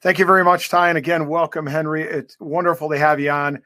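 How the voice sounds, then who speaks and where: High-voiced jokey man co-hosting. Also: flat delivery, fast, sharp tone, no echo. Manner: jokey, rambling, filler-heavy. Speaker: co-host. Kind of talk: lively podcast interview.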